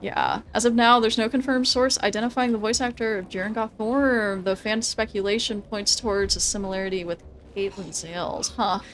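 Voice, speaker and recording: A young woman streaming a video game, thinking out loud about tactics, laughing often and swearing casually. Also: medium pitch, steady tone, moderate pace, slight background noise. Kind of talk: casual gameplay commentary.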